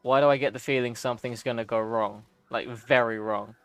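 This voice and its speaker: A man's voice: medium pitch, fairly even intonation, fairly quick, fairly bright tone, soft background music. A young man streaming a game, reacting emotionally with gasps, laughter and sudden outbursts. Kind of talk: live gameplay reaction.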